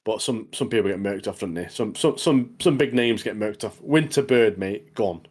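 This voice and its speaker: A man's voice: on the low side, normal speed, darkish tone, slightly rough. A man, co-hosting a podcast in laid-back casual chat, repeating his phrases. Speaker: podcast co-host.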